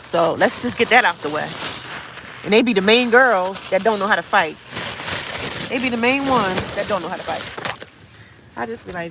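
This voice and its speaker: A woman's voice: medium pitch, moderate pace, long pauses. A woman live-streaming outdoors in the cold, talking casually to her viewers and to herself. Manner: chatty, talks to herself, animated when retelling. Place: outdoors in the cold, near cars. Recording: outdoor phone audio with clear street noise.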